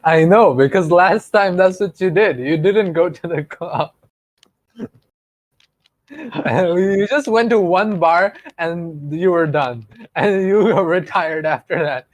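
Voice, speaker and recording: A young man chats on a podcast, teasing and laughing. He stresses his points with a repeated "okay?". His voice sits a little high and sounds close and dry. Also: slow, dry recording. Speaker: podcast co-host. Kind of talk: casual chat.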